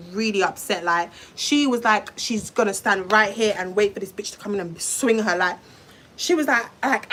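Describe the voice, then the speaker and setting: A young woman tells a casual storytime, rambling through fillers and the odd swear word. Her voice sits at an everyday middle pitch, and a faint hum of room ambience lies under it. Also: fairly bright tone. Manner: chatty, swears, lots of fillers and restarts. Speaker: vlogger telling a story.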